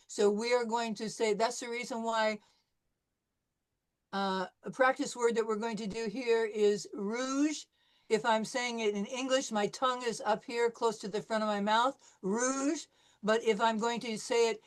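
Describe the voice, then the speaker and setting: A woman teaching French in a class lecture, explaining patiently and often checking in with "okay?". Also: fairly high pitch. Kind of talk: online language class lecture.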